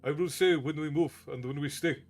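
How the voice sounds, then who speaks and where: A man's voice: a little high, moderate pace, faint music behind, close to an everyday voice. A man voicing a thin, violent-tempered male bandit leader who talks on the edge of rage. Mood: angry. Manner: angry, near rage.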